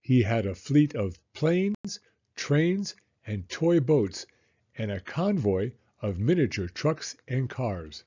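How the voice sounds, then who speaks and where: A man reads a children's storybook aloud, slow and animated, with a lively rising and falling voice. His tone is mellow and slightly husky. The recording sounds dull and lo-fi. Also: mid-range voice. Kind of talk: read-aloud storybook narration.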